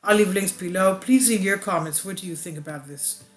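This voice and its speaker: A woman commentator reading a translated news article aloud and breaking off into hesitant, animated personal remarks. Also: mid-range voice, a little fast, soft background music. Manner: hesitant, with frequent uh and restarts in her own remarks.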